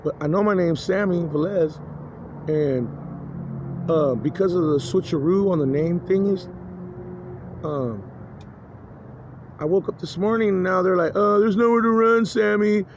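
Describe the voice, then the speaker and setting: Agitated man, profane and halting, a little high-voiced, on a dull lo-fi recording with faint noise. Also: darkish tone. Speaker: vlogger. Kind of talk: rambling personal monologue.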